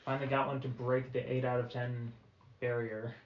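A man's voice: medium pitch, little pitch movement, moderate pace, slight background noise. A young man co-hosting a casual podcast, wry and full of trivia. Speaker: podcast co-host. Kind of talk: casual chat. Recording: dull, roomy lo-fi audio.

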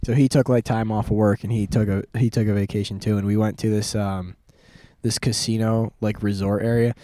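A man's voice: on the low side, flat delivery, fairly quick, dark tone, slight background noise. Rambling young man telling a story. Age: 20s. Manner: rambling, lots of fillers and restarts, laughs often. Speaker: podcast host. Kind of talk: casual storytelling chat.

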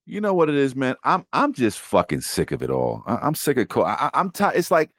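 A man co-hosting a podcast speaks bluntly and swears freely. His pitch swings up and down with lots of life, and the sound is dry and close. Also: brisk, no echo. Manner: blunt, profane and animated. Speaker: podcast co-host. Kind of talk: casual chat.

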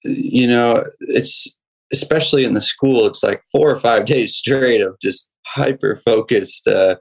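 A young man, a guest musician, telling a personal story in a casual interview, halting with many restarts and fillers. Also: mid-range voice, gravelly, low-quality recording.

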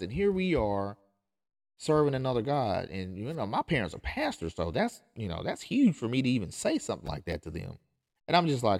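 An emphatic male pastor talks straight to his podcast listeners at a mid-range pitch. He presses his points hard and keeps circling back to them. He often stumbles and restarts in his urgency. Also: big pitch swings, quick pace, a little mellow. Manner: emphatic, insistent, repeats and restarts phrases. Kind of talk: impassioned podcast monologue.

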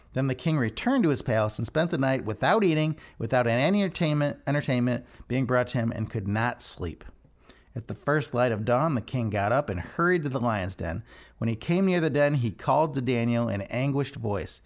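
Rambling man with a gravelly voice. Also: medium pitch, a little fast. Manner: rambling, self-interrupting, animated. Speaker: devotional speaker. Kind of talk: casual devotional talk.

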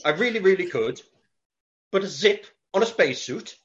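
A man rants about a film with animated, profane storytelling, his voice pitched a little high for a man. The mic sounds dull and lo-fi. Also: normal speed. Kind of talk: comic film rant.

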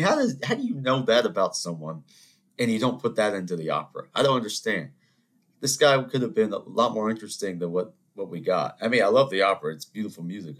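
A man hosting a solo podcast, telling rambling anecdotes in an animated, conversational way. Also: low voice. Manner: animated storytelling, rambling asides, mock voices. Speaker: podcast host. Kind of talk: solo ranting monologue.

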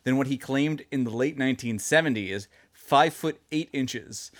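A man co-hosting a podcast, chatting casually with deadpan jokes. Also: mid-range voice, moderate pace. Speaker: podcast co-host. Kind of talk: casual comedic chat.

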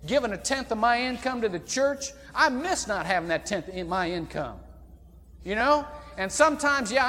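A man from Indiana preaching a sermon as pastor, folksy and animated, with sudden loud outbursts. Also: very high voice. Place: church sanctuary. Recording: long church reverb.

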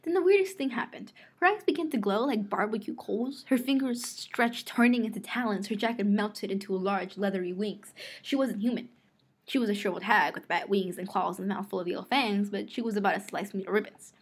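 A woman's voice: medium pitch, a little fast, husky. Woman reading a novel aloud. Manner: expressive first-person reading, rereads lines after slips. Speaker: audiobook reader.

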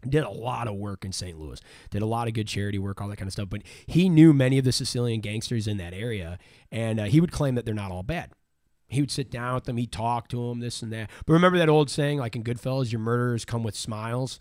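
A man's voice: medium pitch, quick pace, darkish tone, dry recording, studio quality. A man casually retelling a crime story on a podcast, rambling, repeating words and swearing freely.

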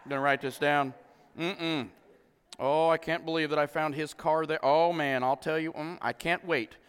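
Man acting out snooping Pharisee, smug muttering, bright tone, echoing sanctuary. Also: fairly high pitch, steady tone, normal speed, smooth, natural voice. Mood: smug gossip. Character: nosy gossiping male Pharisee, snooping.

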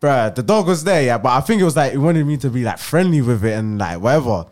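A man's voice: mid-range voice, animated, quick pace, darkish tone. A young man, telling a story in a casual podcast chat with lots of slang and laughter. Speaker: podcast co-host.

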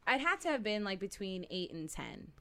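A woman co-hosting a casual podcast, a dramatic, animated storyteller who acts out the people in her stories. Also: medium pitch, moderate pace, gravelly. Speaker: co-host.

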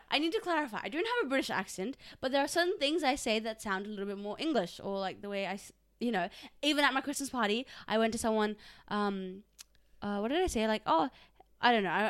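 A woman's voice: on the high side, clean tone. Laughing young woman co-host. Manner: laughs often, talks over her partner in playful argument. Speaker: podcast co-host. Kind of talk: casual chat.

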